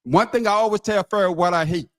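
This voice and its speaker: A high-voiced man on a sports podcast who argues at full volume, swearing constantly and hammering the same words over and over. He interrupts everyone around him and will not give up the floor. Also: fast. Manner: profane, loud, repeats words, talks over others. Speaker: podcast co-host. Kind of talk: heated sports debate.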